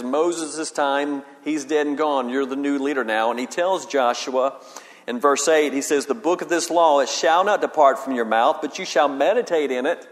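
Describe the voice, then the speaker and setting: A pastor, a man with a mid-range voice, preaches a sermon, reading scripture slowly and with emphasis before explaining it in plain talk. The recording carries a long hall reverb.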